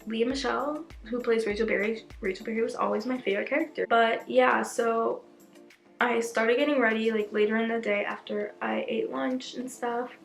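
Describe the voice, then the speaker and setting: A young woman telling a story to her viewers in casual vlog chat, excited and gushing, saying "like" constantly. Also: on the high side, moderate pace, vocal fry, faint music behind. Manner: gushing, excitable, fills speech with "like". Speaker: vlogger. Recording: echoey room.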